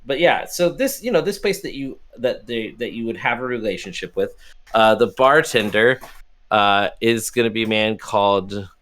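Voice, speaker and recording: A man's voice: medium pitch, animated, normal speed, a bit bright. A man in casual tabletop narration as game master, rambling with many fillers and laughs.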